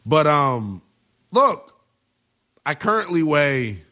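A man's voice: a little high, very animated, slow pace, pushed and bright. A man hosting a sports talk radio show, brash and joking with callers and co-hosts.

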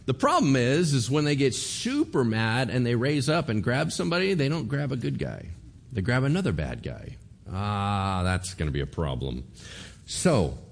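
A man preaching a sermon as pastor, animated, acting out voices and asking rhetorical questions. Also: medium pitch.

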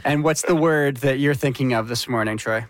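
A man's voice: mid-range voice, normal speed, slight background noise. A man hosting a radio call-in show, chatting in an upbeat way and laughing often. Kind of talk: casual call-in chat.

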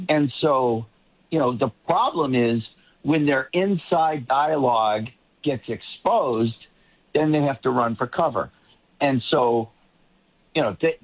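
A man's voice: medium pitch, husky, narrow, tinny audio. A man talking politics on a roundtable in an easy conversational way, often restarting his sentences. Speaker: political commentator. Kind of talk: roundtable discussion.

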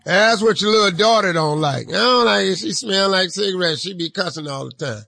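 A man's voice: sits high, a little fast, gravelly, sharp tone, no echo, studio quality, faint music behind. Playful drawling male radio host. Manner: playful, drawling, sing-song asides. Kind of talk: comic advice reading.

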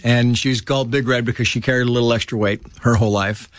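A man chatting as a guest, telling lively stories and acting out the people in them. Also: mid-range voice, fast, dry recording. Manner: animated, acts out quoted voices. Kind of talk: casual storytelling.

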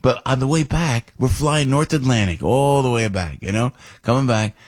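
A man hosting a radio talk show, rambling through stories in a loose, animated way and restarting his sentences often. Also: mid-range voice, moderate pace, husky. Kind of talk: casual radio monologue.

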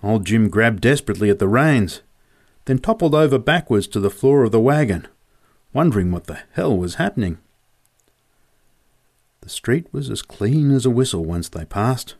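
A man's voice: medium pitch, animated, moderate pace, pauses often, a little mellow. A man narrating a story in a vivid, descriptive reading.

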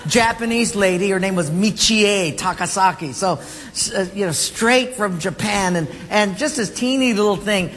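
A man's voice: high voice, moderate pace, fairly bright tone. A man preaching a sermon as a pastor, telling jokey stories and laughing along with them. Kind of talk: humorous sermon storytelling. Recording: long hall reverb, faint background noise.

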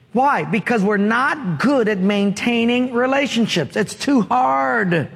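Een dominee die een preek houdt, langzaam en met humor, opgenomen met lange galm in een grote zaal. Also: male voice, very high voice, slightly rough. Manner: storytelling, humorous, asks congregation to answer. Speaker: pastor. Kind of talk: sermon. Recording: long hall reverb.

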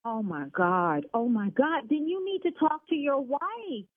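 A woman, a salon owner on a phone call, scolding and exasperated, rising to shouting. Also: high voice, sing-song, a little slow, no room sound. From Chicago South Side. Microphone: telephone. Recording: tinny phone line.

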